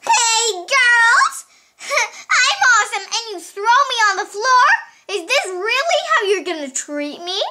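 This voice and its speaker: A woman's voice: extremely high pitch, big pitch swings, unhurried, pitched above the performer's own voice, exaggerated voice. A woman voicing a boastful, playful female toy pony who brags and acts offended, recorded at home with noise behind. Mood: indignant. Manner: bragging, indignant.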